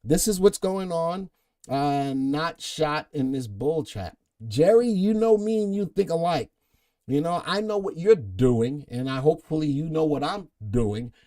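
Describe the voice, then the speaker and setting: Middle-aged male host, playful and punning, mellow tone, slightly high voice. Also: lively intonation, unhurried. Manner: playful, punning, reads viewer comments aloud. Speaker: stock market show host. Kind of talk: live market update chat with viewers.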